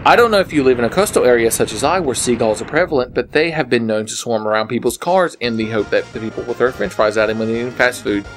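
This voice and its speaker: A man's voice: mid-range voice, quick pace, few pauses. Tipsy man ranting over game music. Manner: rambling, profane, swings between mutters and yells. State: slightly drunk, slurring. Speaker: gaming video maker. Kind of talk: drunken let's play commentary. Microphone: headset.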